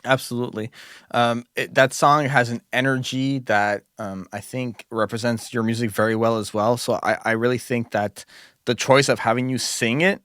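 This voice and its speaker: A male podcast host and music engineer asking thoughtful questions in a measured way, with some hesitations. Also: medium pitch, steady tone, fairly bright tone, clear, resonant tone, no room sound, clean studio sound. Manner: thoughtful, measured, uses fillers like um. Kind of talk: interview questions.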